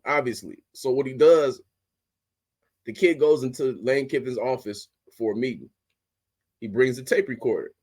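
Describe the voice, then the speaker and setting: A young man rants as a sports podcast host, cussing freely and pushing his voice up when he gets worked up. His pitch sits in an ordinary middle range, and his delivery is blunt and heated throughout. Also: darkish tone. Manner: heated, blunt, heavy swearing, rising to outbursts. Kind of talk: profane ranting commentary.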